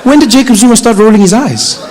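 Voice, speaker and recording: This is a young man doing stand-up. His voice sits high and bounces along with playful energy. He tells the story as an animated performer. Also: quick pace, poor audio. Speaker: comedian. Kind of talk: stand-up comedy.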